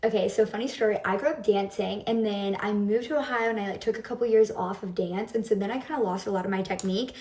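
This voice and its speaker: A woman's voice: mid-range voice, quick pace, few pauses, darkish tone, far from the mic. Bubbly young woman vlogger, confiding chat, roomy echoey sound. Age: young adult. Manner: bubbly, confiding, laughs between words. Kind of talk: casual get-ready-with-me chat. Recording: roomy echo.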